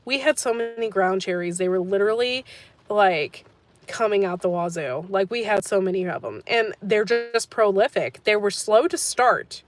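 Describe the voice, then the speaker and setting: A woman's voice: mid-range voice, normal speed. A woman hosting a gardening channel, chatting casually on a live stream and answering viewer comments, rambling and laughing often.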